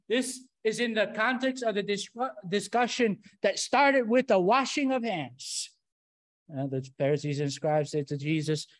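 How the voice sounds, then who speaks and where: A preacher giving an emphatic sermon, drawing the congregation into call-and-response. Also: medium pitch.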